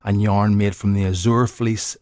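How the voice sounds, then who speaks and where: A man with a Northern Irish accent reading a test passage aloud in a plain, measured way. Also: fairly low pitch, level tone, a little mellow, dry recording, studio quality.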